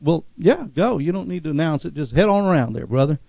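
A man preaching a sermon, calling for amens from the congregation and swinging from loud, fervent passages to quiet, lowered ones. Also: expressive, quick pace, creaky, dry recording, dull audio. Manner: call-and-response preaching, rising to shouts then dropping low. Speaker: pastor.

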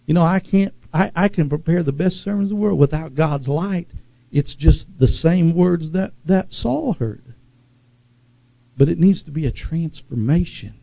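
A man preaching a sermon as pastor to a church service, with emphatic repeated phrases, sudden loud peaks and calls to the congregation. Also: fairly high pitch, measured pace, vocal fry, no echo, highs cut off.

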